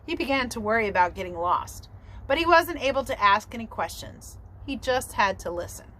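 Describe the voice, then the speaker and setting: Expressive woman reading aloud. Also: fairly high pitch, moderate pace, a little hiss or hum, poor audio. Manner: expressive storytelling. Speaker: teacher. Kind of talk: reading a children's novel aloud.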